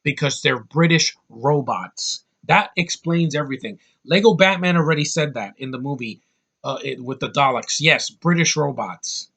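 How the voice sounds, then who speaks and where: A man's voice: a little high, normal speed, a bit bright, slightly rough. A man giving an angry, profane film review, full of sarcastic asides. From United States. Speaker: movie reviewer.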